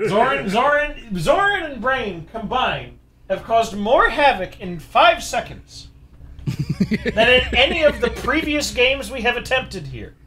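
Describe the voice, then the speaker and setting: A wry, amused man playing a tabletop role-playing game. His voice is bright and forward. He describes his character's actions calmly. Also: very high voice, slow pace, long pauses. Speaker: player.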